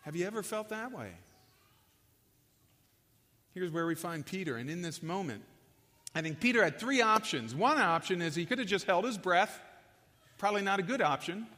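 A man preaching a sermon with passion, building in loudness and then dropping to a hush. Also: high-pitched, animated, fairly quick. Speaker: pastor. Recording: long echo of a large hall.

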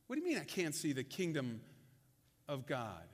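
A preacher doing a baffled, learned Nicodemus who keeps asking in disbelief, in a high, light voice. The long reverb of a large hall hangs behind him. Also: male voice, huge pitch swings, moderate pace, slight background noise. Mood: bewildered. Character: puzzled learned adult male Nicodemus, bewildered.

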